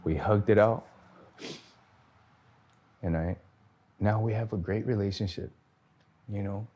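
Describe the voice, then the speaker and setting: This is a man with a very low voice telling his own story. He talks earnestly and gives the people in his story their own lines. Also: measured pace, husky, dull audio. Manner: earnest storytelling, acting out dialogue. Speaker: testimony speaker. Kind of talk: personal testimony.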